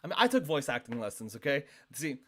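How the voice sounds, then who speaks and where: A male streamer doing reaction commentary into a desk microphone, talking in an animated, emphatic way with lots of "like". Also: medium pitch, fast talker.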